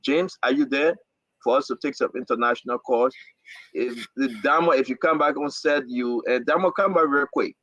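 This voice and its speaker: A man's voice: mid-range voice, moderate pace, fairly bright tone, dry recording, lo-fi sound. A man with a Liberian accent hosting a talk show, delivering fiery political commentary with repetitive, preacher-like emphasis.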